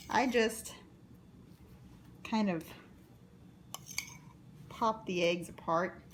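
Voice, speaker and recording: A woman's voice: mid-range voice, roomy sound, noisy background. A woman casually demonstrating a home cooking recipe in her kitchen, chatty and rambling, with joking asides. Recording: kitchen clatter of dishes and pans.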